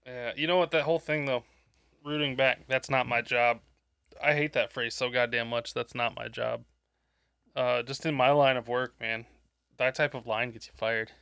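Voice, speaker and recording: A laid-back man talks crudely with a friend, cursing and laughing as he goes. His voice is bright and forceful, with a dry, close sound and no room around it. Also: mid-range voice, steady tone, normal speed, clean tone, no echo. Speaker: podcast co-host. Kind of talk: crude casual chat.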